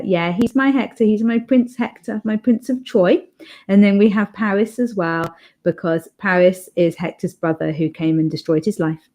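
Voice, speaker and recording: A woman's voice: on the low side, darkish tone. A young woman hosting an author livestream, chatting casually and reading viewer comments aloud, rambling with fillers and restarts.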